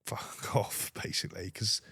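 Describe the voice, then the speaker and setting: A young British former soldier, guesting on a podcast, recounts his army days at a measured pace, swearing a lot and bringing the stories to life with quoted lines. The recording is dry and of studio quality.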